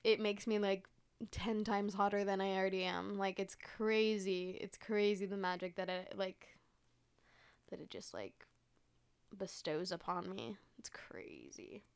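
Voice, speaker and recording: A woman's voice: mid-range voice, little pitch movement, moderate pace, smooth. A young woman hosting a podcast, telling stories in a chatty, casual way, full of "like" and frequent swearing. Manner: chatty, swears often, heavy use of "like". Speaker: podcast host. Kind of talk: casual storytelling monologue.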